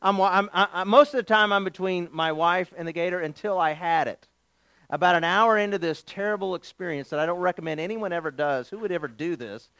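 High-voiced animated male preacher. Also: fairly quick, clean tone, no echo. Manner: animated, joking storyteller. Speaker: pastor. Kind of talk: sermon with humorous storytelling.

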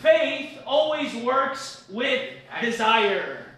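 High, bright-voiced pastor preaching live. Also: male voice, very animated, extremely slow, very echoey, recorded from a distance, low-quality recording. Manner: storytelling preacher who builds to shouted declarations. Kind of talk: live sermon. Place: cafe meeting room.

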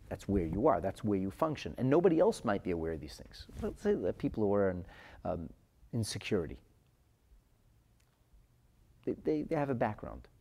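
A man teaching a Chassidic class to viewers, animated, repeating words as he searches for the right phrasing, and dropping into his talk. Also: on the low side, vocal fry. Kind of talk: live-streamed Torah class answering viewer comments.

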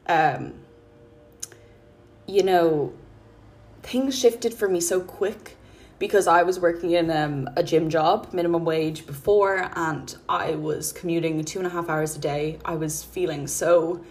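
Woman, podcast host, low voice, earnest and rambling casual monologue. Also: steady tone, unhurried. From Ireland. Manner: rambling, heavy use of "like" and "um", gentle and earnest.

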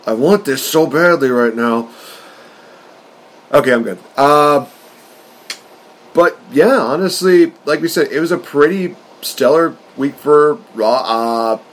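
A man co-hosting a podcast, chatting casually with excitable, fast-talking rants. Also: a little high. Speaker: wrestling podcast co-host.

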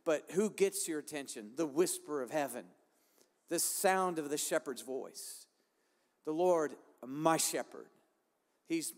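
Guy pastor preaching, high voice, lots of repeating lines, long echo like a big church. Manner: impassioned, repetitive preaching cadence. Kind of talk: sermon. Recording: long hall reverb.

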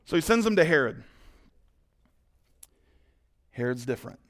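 A male pastor preaching a sermon, animated, acting out voices and swinging between loud and quiet. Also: a little high, normal speed.

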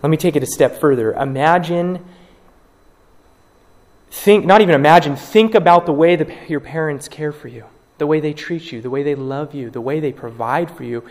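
A man preaching a sermon, dramatic, acting out the people he quotes and swinging from loud cries to hushed words. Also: on the high side, moderate pace, big-room sound. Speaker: pastor.

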